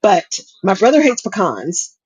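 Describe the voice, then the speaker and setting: Husky chatty woman co-host. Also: mid-range voice, wildly swooping pitch, a little slow, a little mellow, no echo, rough recording. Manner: chatty, laughs often, restarts. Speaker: podcast co-host. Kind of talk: casual chat.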